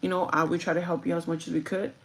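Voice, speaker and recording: A young woman vlogger casually telling a story from her job, animated, acting out the quotes and swearing freely. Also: on the low side, fast.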